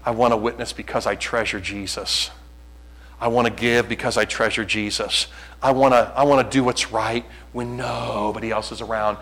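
Earnest preaching man, pleading and animated. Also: medium pitch, moderate pace, low-quality recording. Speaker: pastor. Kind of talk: sermon.

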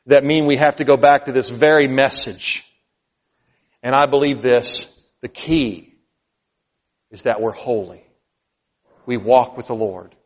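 A middle-aged man preaches as pastor, earnest and personal, dropping to quiet pleading and then rising to loud emphasis. His voice sits at a middle pitch. The sound is somewhat dull, with a long reverb from a hall. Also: measured pace, long pauses. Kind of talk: sermon.

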